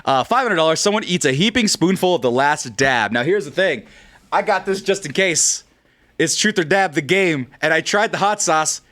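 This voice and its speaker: Guy in his 30s hosting a stream, kinda high voice, rambles and jokes around, swears for fun. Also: animated, moderate pace, fairly bright tone. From California. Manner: joking, rambling, playful swearing. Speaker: streamer host. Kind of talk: casual livestream chat.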